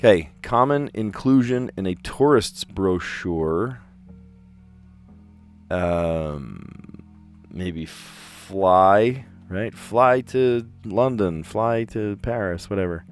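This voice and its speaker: A deep-voiced man talks his way through word puzzles on a casual livestream, musing out loud and tossing in amused little asides. Soft music plays faintly behind him. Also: lively intonation, drawn-out words. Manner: chatty, thinks aloud, self-amused asides. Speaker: teacher and puzzle livestream host.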